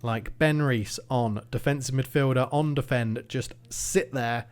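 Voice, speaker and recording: A man commentating his own football management game, swinging between nervous muttering and excited shouting. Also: medium pitch, a little slow. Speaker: gaming YouTuber.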